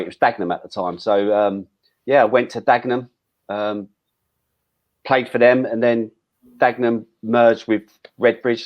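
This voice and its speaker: A middle-aged man recounting his playing days in a relaxed, rambling way. His voice sits a little low, and he trips over restarts and drops the odd swear word. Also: lo-fi sound. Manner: chatty, frequent restarts and "um"s, swears casually. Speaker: former footballer guest. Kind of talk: casual interview storytelling.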